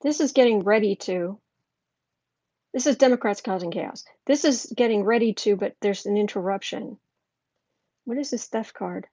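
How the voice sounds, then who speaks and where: A woman's voice: mid-range voice, moderate pace, pauses often, dark tone, dry recording, lo-fi sound. A woman doing a live tarot reading, chatty and thinking aloud, with many restarts. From United States. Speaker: tarot reader.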